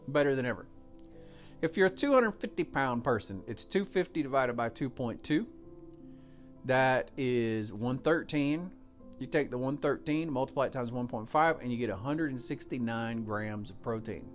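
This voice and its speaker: An American man talks through his podcast in a loose, folksy way, full of fillers and friendly asides. His voice sits at an ordinary middle pitch. A faint music bed plays quietly behind him. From United States. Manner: chatty, folksy, explains step by step with fillers. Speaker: podcast host. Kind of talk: casual solo podcast talk.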